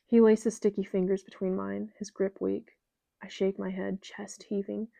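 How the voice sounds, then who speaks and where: A woman's voice: medium pitch, flat delivery, moderate pace, gravelly, mellow, no room sound, lo-fi sound. A woman narrating a novel in the first person as an audiobook reader, voicing the dialogue with raw, emotive intensity on a close mic. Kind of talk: dramatic first-person fiction reading.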